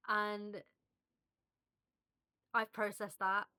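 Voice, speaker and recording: A woman vlogger speaking softly and reflectively to her viewers, with fillers and small restarts. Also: mid-range voice, fairly even intonation, a little slow. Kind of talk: heartfelt one-on-one talk to camera. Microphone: phone at arm's length, video-call style.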